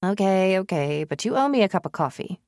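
A woman's voice: mid-range voice, animated, fairly quick, darkish tone, no echo, clean studio sound, pitched above the performer's own voice, natural voice. A woman reading an audiobook, voicing a skeptical young woman psychologist with a wry, muttering manner. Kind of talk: audiobook character voice.

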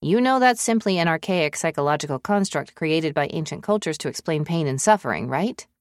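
A woman's voice: low-pitched, expressive, a little fast, no echo, studio quality. A woman reading an audiobook, voicing a skeptical young woman psychologist with a wry, muttering manner. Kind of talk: audiobook character voice.

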